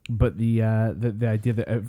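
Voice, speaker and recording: A man co-hosting a podcast in casual chat, breaking in with quick sarcastic jokes. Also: fairly low pitch, flat delivery, narrow, tinny audio. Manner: joking, quick sarcastic interjections. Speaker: podcast co-host.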